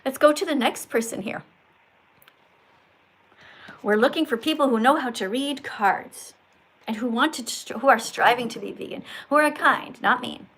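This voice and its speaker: A woman's voice: high voice, normal speed, long pauses, fairly bright tone, husky, poor audio. An older woman hosting a livestream, talking to callers in an emphatic, scolding, teacherly manner. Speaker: livestream host.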